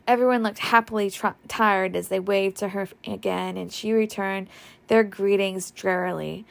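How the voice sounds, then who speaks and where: Woman, audiobook narration, gravelly fry in the voice, expressive reading. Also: mid-range voice, normal speed. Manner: expressive, varied voices for characters. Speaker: audiobook reader. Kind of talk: reading a novel aloud.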